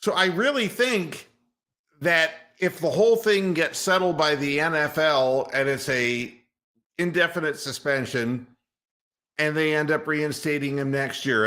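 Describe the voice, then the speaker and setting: A man's voice: on the high side, normal speed, sharp tone. A man hosting a sports talk radio show, ranting in a sarcastic, mocking way and swearing freely. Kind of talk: opinionated sports talk rant.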